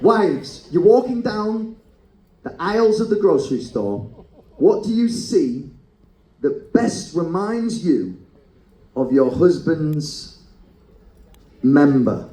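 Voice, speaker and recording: A man hosting a comedic live game show on a cruise ship, teasing contestants with quick banter and frequent laughter. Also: fairly high pitch, big pitch swings, warm tone, echoey room, rough recording.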